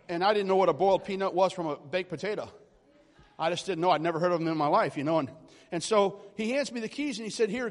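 Male preacher, forties, high voice, storytelling sermon that builds to loud calls, reverberant hall. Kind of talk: charismatic sermon.

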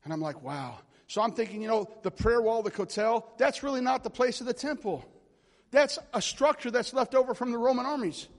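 Middle-aged male preacher with a high voice, impassioned sermon storytelling, long hall reverb. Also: fairly quick. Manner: impassioned storytelling, acting out dialogue with God.

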